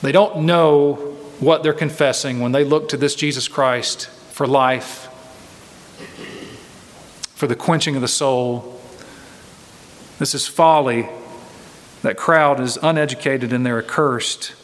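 A man's voice: mid-range voice, steady tone, slow, pauses often, a little hiss or hum. A man preaching an expository sermon, earnest and emphatic, repeating phrases to press his points home. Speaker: pastor. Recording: long reverb from a large hall.

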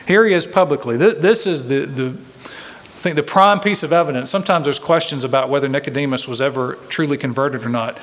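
A man's voice: medium pitch, fairly quick, a bit bright. A man preaching an expository sermon, earnest and emphatic, repeating phrases to press his points home. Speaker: pastor. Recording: long reverb from a large hall.

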